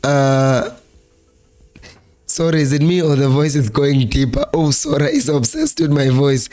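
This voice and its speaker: A hoarse South African man with a flu-worn voice, hosting a live-streamed football chat in a Zulu-accented mix of English and Zulu and reading viewer comments aloud. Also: a little high, animated, a little slow, a little mellow. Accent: South African, Zulu-speaking. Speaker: fan channel host.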